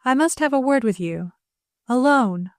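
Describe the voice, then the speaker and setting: Brief: a woman doing an earnest young daughter, nervous yet resolved, her voice lifted high and slowed to a breathless plea. Dry, close audiobook read. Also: animated, no room sound. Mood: earnest pleading.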